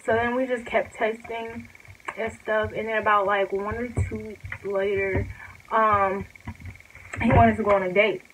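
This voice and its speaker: A woman's voice: medium pitch, level tone, unhurried, a bit bright, a little hiss or hum, poor audio. A young woman telling a casual storytime vlog, rambling and chatty with lots of filler words. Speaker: vlogger.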